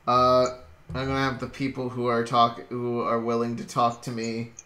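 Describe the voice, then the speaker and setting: A man hosting a casual late-night stream chat from home, rambling and jokey with halting restarts. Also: medium pitch, monotone, pushed and bright. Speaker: stream host. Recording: roomy echo.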